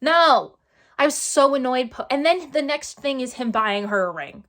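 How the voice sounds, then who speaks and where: A woman's voice: high-pitched, lively intonation, moderate pace, a bit bright. A woman vlogging a casual book review, exasperated and sarcastic, repeating herself for emphasis.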